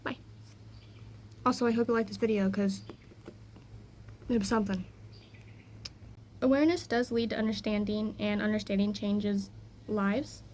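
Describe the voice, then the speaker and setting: A woman's voice: medium pitch, steady tone, normal speed, long pauses, a little mellow, slight background noise. A young woman rambling in a casual vlog, easily distracted and full of fillers, talking outdoors by her garden into a phone. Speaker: vlogger. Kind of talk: casual personal vlog chat.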